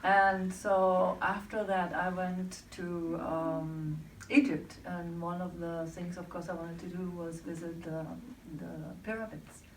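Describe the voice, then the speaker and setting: A woman telling a personal story to an audience in a reflective way, pausing to search for words. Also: on the low side, flat delivery, reverberant, recorded from a distance, slight background noise, rough recording.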